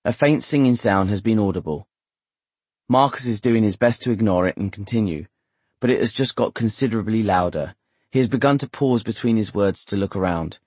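A man narrating a literary novel in a measured, steady, wry manner. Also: on the low side, no room sound. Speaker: audiobook narrator.

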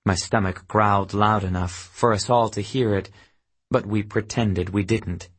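Man, audiobook narration, husky voice, unhurried, dry. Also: fairly low pitch, steady tone. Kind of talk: scripted first-person narration.

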